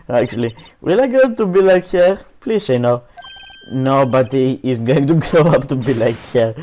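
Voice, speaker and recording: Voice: medium pitch, lively intonation, moderate pace, dark tone. A let's player giving casual, sarcastic commentary over a game. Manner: joking, sarcastic asides.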